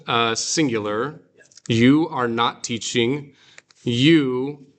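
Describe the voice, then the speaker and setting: A man teaching a guided reading class, explaining slowly and patiently with fillers and restarts. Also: mid-range voice, pushed and bright. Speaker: Greek teacher.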